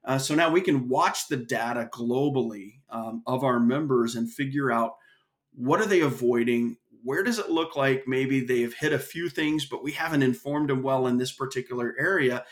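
A man's voice: medium pitch, normal speed. A man speaking as a guest on an interview podcast, earnest and storytelling, often restarting his sentences. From United States. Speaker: guest, association executive.

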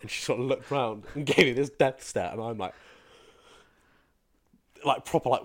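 Lively man telling stories on a podcast. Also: medium pitch, normal speed, long pauses, no room sound, clean studio sound. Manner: animated storyteller who slips into mimicking accents. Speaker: fitness and mindset coach, podcast guest. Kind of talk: casual podcast chat.

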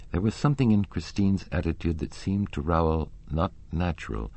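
A man narrating a classic novel as an audiobook, in a measured, expressive storytelling manner. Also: low-pitched.

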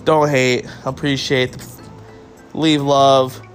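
A man's voice: medium pitch, level tone, slow pace, soft background music. A man hosting a solo podcast, talking casually and rambling to his listeners, sounding tired and yawning, with some swearing. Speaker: podcast host. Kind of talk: solo wrestling review podcast.

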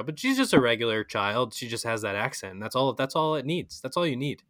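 A man's voice: mid-range voice, very animated, fairly quick, a bit bright, no room sound. Man, American accent, casual podcast chat, easygoing, dry close-miked sound. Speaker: podcast co-host.

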